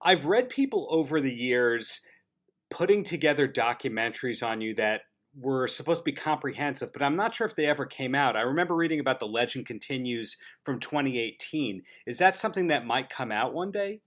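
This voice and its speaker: A man's voice: mid-range voice, animated, a little fast, fairly bright tone. A man hosting a podcast, asking questions in an eager, fan-like way over a video call. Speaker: podcast host. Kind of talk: casual interview chat.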